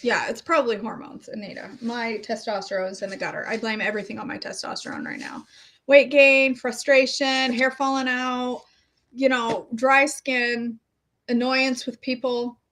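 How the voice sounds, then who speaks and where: Chatty middle-aged woman, slightly high voice. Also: fairly even intonation, moderate pace, fairly bright tone, a little hiss or hum. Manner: chatty, rambling, self-deprecating. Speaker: health coach vlogger. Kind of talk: casual chat.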